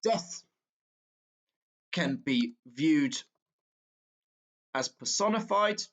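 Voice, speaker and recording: A man teaching a literature exam walkthrough, talking slowly and haltingly, with fillers and self-corrections as he works through a poem. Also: on the high side, lively intonation, fairly bright tone, highs cut off.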